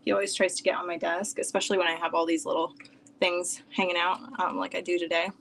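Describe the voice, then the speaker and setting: A young woman chatting on a casual live stream from home, rambling with lots of "like" and sometimes dropping to a soft near-whisper. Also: fairly low pitch, little pitch movement, quick pace, gravelly, slight background noise. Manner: chatty and rambling, heavy use of "like". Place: home, at her desk with her dog nearby.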